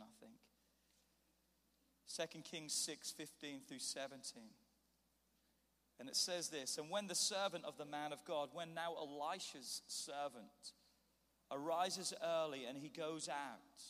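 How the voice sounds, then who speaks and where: A man preaching a sermon, telling a scripture story and acting out its scenes with animated voices. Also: fairly high pitch. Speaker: pastor. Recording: long hall reverb.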